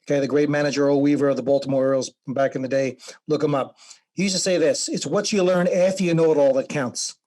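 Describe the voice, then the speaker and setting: A male business coach answers as an interview guest, speaking quickly in a fairly high voice. He drives his points home emphatically, with a preachy edge. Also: steady tone, darkish tone.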